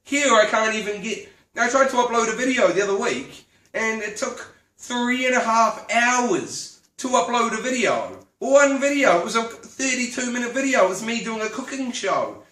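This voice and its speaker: Tipsy, ranting New woman, high voice. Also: animated, normal speed, a bit bright, roomy sound, far from the mic, low-quality recording. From New Zealand. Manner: indignant, sweary, rambling. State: drunk. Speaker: vlogger. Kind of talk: casual ranting monologue.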